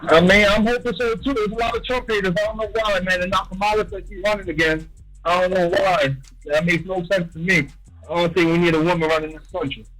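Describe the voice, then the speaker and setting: Radio caller: high-voiced man from New Jersey, hyped, blunt, faint music underneath. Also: fairly even intonation, a little fast, fairly bright tone, rough recording. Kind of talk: radio call-in.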